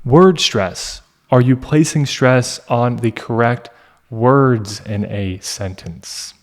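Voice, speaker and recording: Slow, deliberate male English tutor. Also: mid-range voice. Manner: slow, deliberate, teacherly with pauses. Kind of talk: explanatory lesson.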